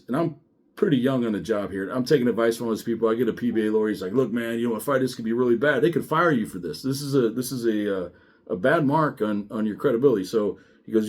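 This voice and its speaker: A middle-aged man, a former sheriff's deputy, telling his story in a blunt, profane and animated way. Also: mid-range voice. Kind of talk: casual storytelling monologue.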